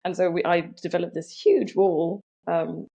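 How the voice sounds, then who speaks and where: A young woman tells a personal story as a podcast guest. Her voice sits low and carries a gravelly fry. She talks in a reflective way, with many "um"s and "like"s. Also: fairly even intonation, moderate pace, warm tone.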